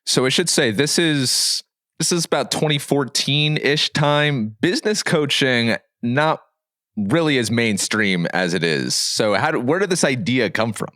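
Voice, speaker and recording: A man hosts a podcast and keeps the talk moving with short reactions and questions. His pitch moves around a lot. The sound is dry and close. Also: animated, pushed and bright, no echo. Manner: reactive, quick interjections and questions. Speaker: podcast host. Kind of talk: casual interview. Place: podcast studio.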